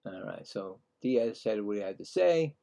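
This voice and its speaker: A man doing live play-by-play commentary on a baseball game, chatty and excitable, getting louder on big plays. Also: fairly low pitch, gravelly. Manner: acts out players' thoughts in quick asides.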